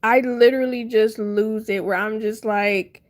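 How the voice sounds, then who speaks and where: A young woman livestreaming, telling a funny story to her chat in a casual, animated way, laughing often and acting out her panic. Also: fairly high pitch, unhurried, soft background music. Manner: animated, laughing, dramatic retelling.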